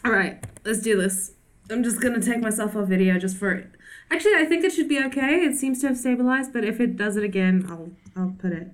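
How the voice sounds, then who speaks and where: A woman's voice: on the high side, lively intonation, fairly quick. A woman co-hosting a podcast over a video call, chatting casually, playful and laughing, cooing at her cat. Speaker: podcast co-host. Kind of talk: casual chat.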